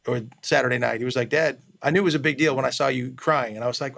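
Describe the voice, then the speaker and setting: Gravelly-voiced man in his fifties. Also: mid-range voice, fairly bright tone. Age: 50s. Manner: halting, restarts often, candid. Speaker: podcast guest. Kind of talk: candid conversational interview.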